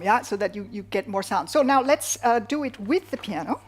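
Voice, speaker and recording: A woman's voice: a little high, lively intonation, brisk. A woman teaching a flute masterclass, encouraging her student and singing rhythms aloud, often checking in with "yeah?". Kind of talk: masterclass coaching.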